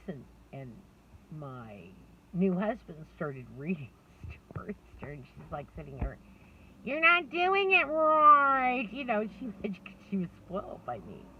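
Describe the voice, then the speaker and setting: A middle-aged woman rambling candidly to camera, laughing often and mocking herself. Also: low-pitched. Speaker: vlogger. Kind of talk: candid personal monologue. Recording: distant, dull lo-fi mic with faint noise.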